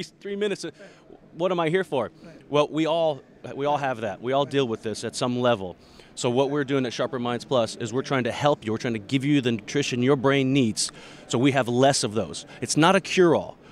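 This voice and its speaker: A man who founded a company, pitching its product in an interview with earnest, halting speech full of restarts. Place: busy expo floor.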